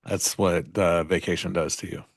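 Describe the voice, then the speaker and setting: Deep, gravelly man with dry sarcasm. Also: fairly even intonation, moderate pace, dry recording. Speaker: livestream trading co-host. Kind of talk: casual live-stream chat.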